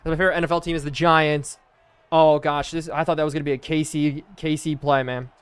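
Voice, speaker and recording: A young man streaming a football video game, calling plays excitedly and chatting with viewers between snaps. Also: on the high side, a little fast, smooth, no room sound. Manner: excitable, chatty, answers chat mid-play. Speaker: gaming streamer. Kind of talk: live gameplay commentary with chat.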